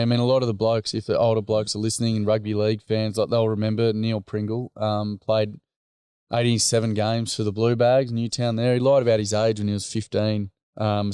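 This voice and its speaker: A man's voice: on the low side, level tone, normal speed, a little mellow, clean tone, no echo. An Australian man, a guest who leads men's groups, talking earnestly and plainly in a casual conversation, rambling with many fillers.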